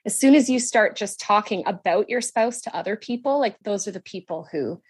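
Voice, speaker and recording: A woman in her thirties talking in a casual podcast conversation, reflective and measured, explaining her view at length. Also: medium pitch, animated, breathy edge. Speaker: podcast guest, daughter and teacher.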